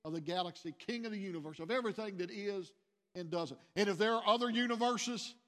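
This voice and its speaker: A man preaching a sermon as pastor, earnest and repetitive, growing louder on key lines. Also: high voice, quick pace. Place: church sanctuary. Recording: long church reverb.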